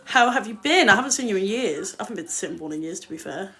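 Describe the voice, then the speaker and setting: A woman's voice: mid-range voice, expressive, quick pace, fairly bright tone. A young woman chatting casually on a livestream, blunt and swearing freely as she answers viewer comments. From England.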